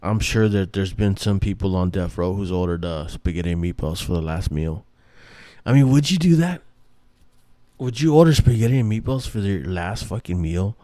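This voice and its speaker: With a fairly low pitch and a warm tone, a male host drifts through a casual monologue, swearing and restarting sentences often, with many fillers. There's no room sound in the recording.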